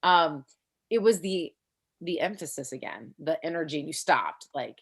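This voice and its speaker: A chatty woman gives loose, rambling notes on a comedy set, laughing between thoughts. Her voice sits a little low. She comes through a video call. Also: expressive, moderate pace, husky. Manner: rambling, chatty, laughs often, many fillers. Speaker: comedy workshop feedback giver. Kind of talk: casual spoken feedback.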